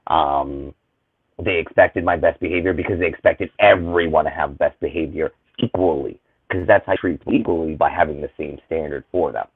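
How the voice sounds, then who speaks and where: Low husky american-raised guy, fired up and emphatic, sounds like he's on a tinny phone line. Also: a little fast, dry recording. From United States. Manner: impassioned, emphatic, rises to loud indignation. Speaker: panel guest. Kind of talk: casual discussion.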